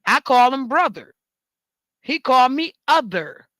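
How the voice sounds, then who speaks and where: American host, casual monologue rant, emphatic and repetitive, high bright voice. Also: very animated, measured pace, no room sound. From United States. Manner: emphatic, repetitive storytelling with cursing. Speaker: talk show host.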